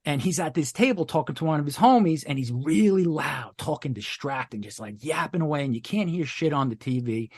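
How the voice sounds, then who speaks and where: A man's voice: fairly high pitch, lively intonation, a little fast, hardly any pauses, a little mellow, breathy edge, no echo. Profane man telling a rambling story. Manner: rambling, profane, many restarts. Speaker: podcast guest. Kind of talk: casual storytelling.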